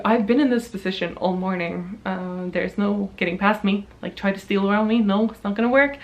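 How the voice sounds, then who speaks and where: A woman in her twenties from Norway, telling a storytime vlog in a chatty, animated way with frequent laughs and swearing. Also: medium pitch, normal speed, hardly any pauses. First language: Norwegian. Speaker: vlogger.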